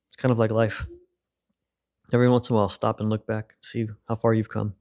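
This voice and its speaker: Calm man reading a children's story. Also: on the low side, fairly quick. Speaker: podcast host and reader.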